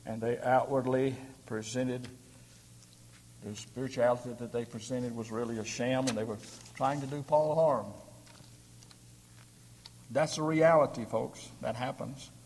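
A man's voice: medium pitch, fairly even intonation, moderate pace, a little mellow, slight background noise. A man preaching a sermon, building to emphatic peaks and putting questions to his congregation. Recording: long hall reverb.

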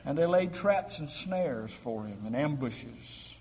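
A man preaches a sermon to his congregation, his voice a little on the high side. He swells to emphatic peaks and stops to ask his listeners questions. The sound rings with a long reverb from a large hall. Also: lively intonation, slow pace, darkish tone, slight background noise.

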